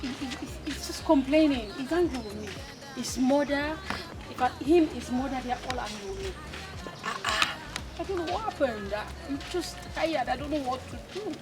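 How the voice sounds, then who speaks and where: Over loud music, an upset wife who complains in a pleading way. Her voice is high. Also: animated, normal speed. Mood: complaining. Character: upset foreign wife complaining about husband.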